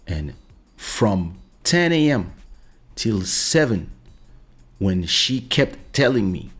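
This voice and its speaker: A man's voice: lowish voice, big pitch swings, slow, long pauses, husky. A male podcast host in his home office, talking casually and insistently, often repeating "listen" as he tells a personal story. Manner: insistent, keeps saying "listen" to drive points home. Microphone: studio USB mic.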